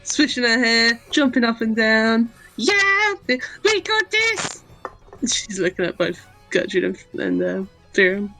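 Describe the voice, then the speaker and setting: A woman playing a tabletop fantasy game, talking in a bubbly, excitable way. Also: on the high side, moderate pace, gravelly, faint music behind, rough recording. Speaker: player.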